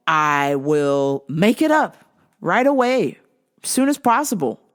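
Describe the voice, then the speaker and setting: Brief: woman host, mid pitch, venting about fights and flaky friends, loose and profane. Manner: animated, exasperated, swears freely. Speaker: show host. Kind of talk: casual ranting commentary.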